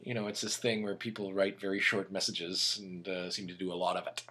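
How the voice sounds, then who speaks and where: A man's voice: sits low, fairly quick, slight background noise. A young man co-hosting a comedy podcast, bantering casually with a playful, hammy streak. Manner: playful, hammy sing-song intro, relaxed banter. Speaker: podcast co-host.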